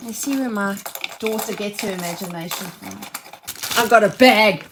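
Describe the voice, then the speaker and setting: A woman's voice: mid-range voice, normal speed, background noise. A mother chatting casually as she unboxes a shopping haul, gushing and exclaiming over each item.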